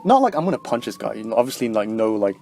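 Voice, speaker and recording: A man's voice: on the low side, racing, soft background music. A young man vlogging in a casual, rambling way, with constant filler words and frequent swearing. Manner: rambling, heavy filler words, profane, animated quoting.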